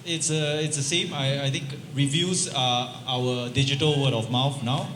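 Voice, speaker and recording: A man's voice: medium pitch, fairly even intonation, moderate pace, fairly bright tone. A man on a panel giving advice hesitantly, with many fillers. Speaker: panel speaker. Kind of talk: panel discussion answer. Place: large event hall. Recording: echoey hall, faint noise.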